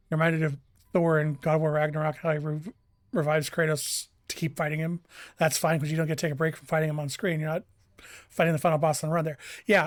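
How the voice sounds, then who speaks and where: A game streamer keeps up rambling live commentary, frequently starting sentences over and bursting into laughter. The pitch is middling, and the recording is close and dry without any room sound.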